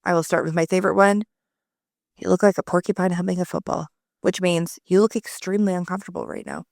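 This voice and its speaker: Woman in her forties, lowish voice, dry close sound; loose, rambling podcast co-host. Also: quick pace, vocal fry, a little mellow, dry recording. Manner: rambling, filler-heavy, swears casually. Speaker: mother. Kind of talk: casual chat.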